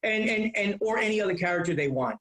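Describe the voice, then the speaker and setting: A man in his fifties, a comedian guest telling rambling, animated stories in a casual interview. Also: high-pitched, fast, roomy sound, rough recording.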